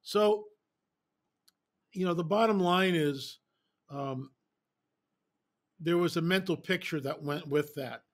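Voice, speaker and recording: Sex: man. Role: interview guest. Style: casual storytelling. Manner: animated, emphatic, repeats phrases. Pitch: a bit high. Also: slow, long pauses.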